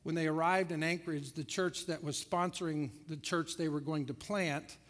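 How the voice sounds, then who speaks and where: A man's voice: fairly high pitch, fairly even intonation, normal speed, a bit bright. A man preaching a sermon to his church in a conversational storytelling way. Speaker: pastor. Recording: long reverb of a large hall.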